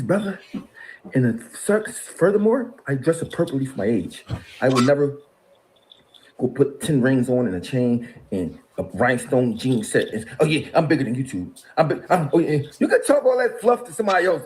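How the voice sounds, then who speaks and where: A middle-aged man speaks high in his range with wide, swooping pitch. He rants in an exasperated, mocking way and laughs between his jabs. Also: expressive, moderate pace, a little mellow, slight background noise. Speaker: interview guest. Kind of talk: heated call-out rant.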